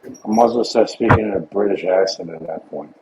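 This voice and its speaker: A man's voice: lowish voice, a little fast, creaky, slight background noise. A man chatting casually, joking and swearing in loose banter. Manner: swearing, joking, laid-back. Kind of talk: casual chat. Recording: dull lo-fi mic.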